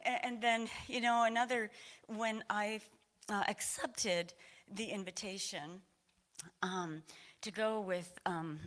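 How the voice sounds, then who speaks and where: A woman's voice: medium pitch, steady tone, takes it slowly, a bit bright. A woman from Maine telling a personal story at a church service, rambling with many fillers and restarts, laughing often and sounding a little emotional. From Maine, USA. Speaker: congregant sharing a personal story. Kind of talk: informal testimony at a church service. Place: church sanctuary.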